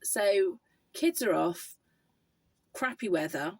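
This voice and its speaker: A woman's voice: medium pitch, animated, takes it slowly, crowd noise. Teasing woman in van. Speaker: co-host, business partner. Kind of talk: casual chat. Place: inside a van.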